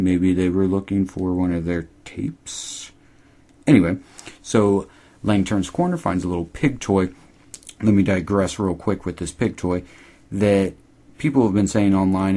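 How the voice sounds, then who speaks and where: Low, husky-voiced man chatting casually. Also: mellow. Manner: rambling, profane, quotes characters in high mocking voices. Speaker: podcast host recapping a TV episode. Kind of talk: casual chat.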